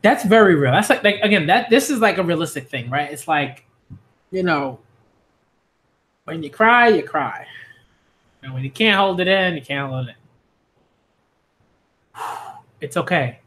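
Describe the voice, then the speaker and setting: Male manga reviewer, slightly high voice, reads panels aloud and cheers loudly during a live reaction. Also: a little slow, pauses often. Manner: excitable, reads panels aloud, shifts between cheering and hushed reading.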